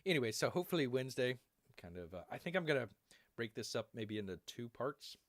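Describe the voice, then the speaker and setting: A man's voice: mid-range voice, sing-song, quick pace, dry recording, clean studio sound. Guy rambling on his stream, jokey, repeats himself, voice jumps up and down a lot. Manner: rambling, repeats phrases, playful growls and jokes. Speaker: streamer signing off a live show. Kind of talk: rambling casual live-stream chat.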